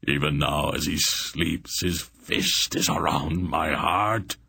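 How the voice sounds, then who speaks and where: A man reading the part of a tormented older male sorcerer in an audiobook, with a hoarse, sobbing lament. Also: very deep voice, fairly even intonation, takes it slowly, sharp tone, slight background noise, full character voice. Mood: anguished.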